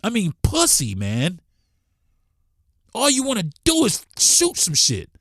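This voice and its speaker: A man's voice: high voice, huge pitch swings, slow, a bit bright, no room sound, studio quality. A man hosting a podcast, delivering a blunt, profane, heated monologue. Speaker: podcast host.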